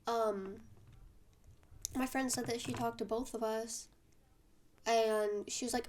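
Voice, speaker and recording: A teenage girl venting through a storytime vlog, her voice sitting a little high. She talks in an animated rush, packed with fillers. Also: unhurried, long pauses, a little hiss or hum. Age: teens. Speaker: vlogger.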